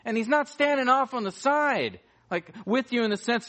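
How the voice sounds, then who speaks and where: A man's voice: extremely high pitch, animated, moderate pace, fairly bright tone. A man preaching a sermon as pastor, emphatic and repeating key phrases for weight.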